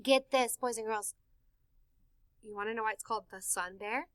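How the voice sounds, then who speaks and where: A woman reading a picture book aloud to children in an animated, sing-song way, stopping to explain words. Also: a little high, normal speed, no room sound. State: tickle in her throat. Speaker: storytime reader for children.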